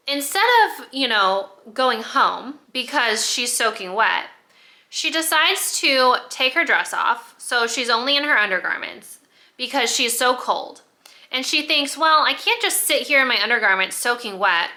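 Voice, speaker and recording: A woman book vlogger in casual chat, retelling a plot in an animated way, with frequent laughs and exclamations. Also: high voice.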